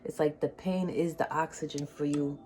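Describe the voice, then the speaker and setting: A woman giving a casual tarot reading, emotional and slangy, swinging between loud excitement and soft near-whispers. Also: sits low, normal speed, a little hiss or hum. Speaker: tarot reader.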